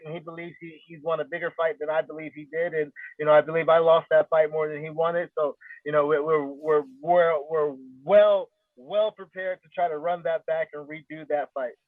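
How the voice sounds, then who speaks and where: A guest fighter with a slightly high voice talks confidently in a casual interview, rambling and using many fillers. The recording is dry and tinny, like a phone line.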